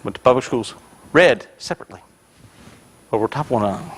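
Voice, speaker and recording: A male pastor preaching a sermon with energy, swelling loud on key points and dropping in joking asides to the congregation. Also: medium pitch, animated, fast, noisy background.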